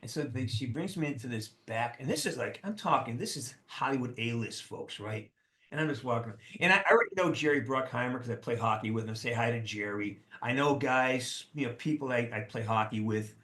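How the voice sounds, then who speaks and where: A man in his sixties, an actor guest telling a lively, profane anecdote and acting out the people in it. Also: medium pitch, brisk. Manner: animated, profane, acts out the people in his stories. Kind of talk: casual storytelling anecdote. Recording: roomy echo.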